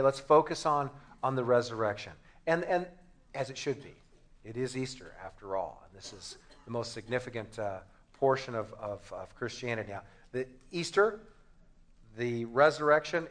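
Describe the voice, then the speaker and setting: A man's voice: mid-range voice, fairly bright tone. Brief: male pastor, easygoing joking sermon delivery before a congregation. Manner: conversational and joking, with restarts.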